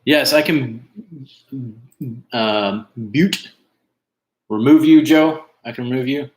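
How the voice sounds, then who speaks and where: A man hosts an online trivia night from an echoey room, chatting casually and reading team names with plenty of fillers. His mid-range voice has a darkish tone, and he takes things slowly.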